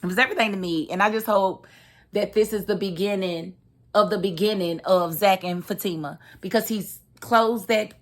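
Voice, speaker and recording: A woman's voice: mid-range voice, normal speed. Chatty woman recapping a TV episode. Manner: chatty and expressive, laughs, acts out lines. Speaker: TV recap host.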